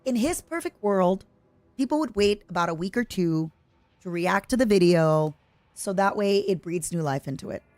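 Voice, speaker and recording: Young woman streamer with an Eastern European accent, mid-pitched, very lively and excitable, live gaming chat. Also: normal speed, no echo. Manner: excitable, reacts loudly to the game and chats with viewers.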